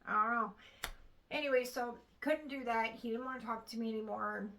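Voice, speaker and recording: Gravelly bright-voiced woman venting. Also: fairly high pitch, brisk, a little hiss or hum, rough recording. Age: 30s. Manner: frustrated, retelling with quoted dialogue. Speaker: vlogger. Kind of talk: casual storytime vlog.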